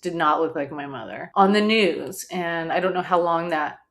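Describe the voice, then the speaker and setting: A woman hosting a podcast, telling a painful family story in a candid, blunt way, with casual swearing and dark humor. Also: fairly low pitch, normal speed. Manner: dark humor with short laughs. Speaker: podcast host. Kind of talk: personal storytelling.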